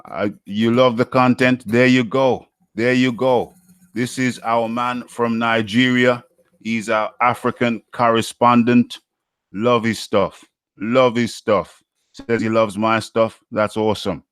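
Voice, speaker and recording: A man's voice: medium pitch, fairly even intonation, slow pace, clear, resonant tone. A man hosts a live boxing talk stream in a middle-range voice, reading viewer comments aloud and answering them. He talks in an upbeat, chatty way and often repeats his own lines. The sound is dry, with no room echo. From United Kingdom.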